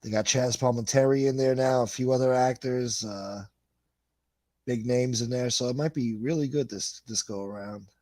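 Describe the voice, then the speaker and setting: A man's voice: mid-range voice, fairly even intonation, moderate pace, a little mellow, no room sound. A middle-aged man, hosting a livestream and reading chat comments in a blunt, profane, rambling way. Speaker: livestream host.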